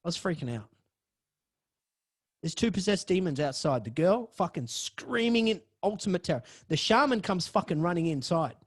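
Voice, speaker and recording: A man with a fairly high voice tells his own story on his podcast. He swears freely and piles on dramatic words. He swings between loud outbursts and hushed asides. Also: expressive, moderate pace, breathy edge. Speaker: podcast host. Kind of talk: personal storytelling.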